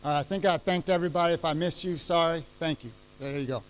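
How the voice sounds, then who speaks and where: A middle-aged man giving his retirement ceremony speech, heartfelt and halting, with many fillers and restarts. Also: a little high, rough recording. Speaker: retiring chief master sergeant giving a speech. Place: ceremony venue.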